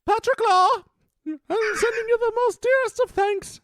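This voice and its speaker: A man's voice: very high voice, normal speed, fairly bright tone, dry recording, studio quality, pitched above the performer's own voice. A man putting on a comic impression of an elderly queen, posh and giggly.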